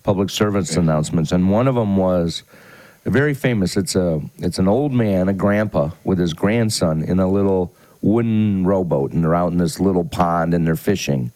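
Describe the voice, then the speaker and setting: A man's voice: sits low, normal speed, warm tone, no room sound. A male podcast co-host in casual political chat, telling stories animatedly and agreeing often.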